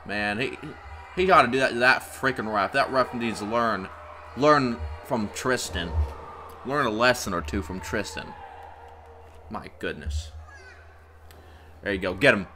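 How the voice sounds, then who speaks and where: A man giving an indignant live reaction to a match, stammering through restarts and bursting into shouts. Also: medium pitch, expressive, moderate pace, noisy background. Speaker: vlogger reacting to a wrestling match. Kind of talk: heated live reaction commentary.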